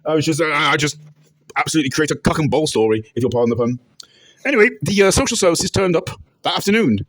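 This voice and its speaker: A man telling rambling, deadpan, absurd comic anecdotes and breaking into shouted catchphrases. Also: a little high, quick pace, dry recording. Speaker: comedic interviewee. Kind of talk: deadpan absurd comedy monologue.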